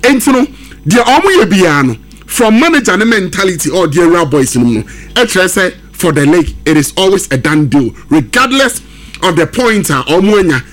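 Male football pundit, high and very lively voice, emphatic radio talker. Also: fairly quick. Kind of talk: sports radio discussion.

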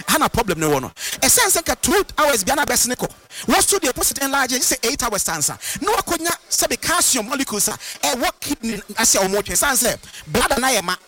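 A man, a guest on a radio health talk who explains herbal medicine in an animated, lecturing, sing-song way. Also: very high voice.

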